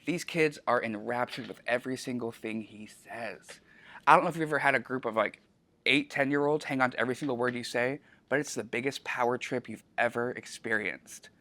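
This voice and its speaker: A man's voice: medium pitch, fairly quick, pushed and bright. A man who works at a library, telling chatty, self-deprecating stories in a casual interview, with lots of filler ums and frequent laughter. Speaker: library staff member. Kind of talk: casual anecdotal interview answers.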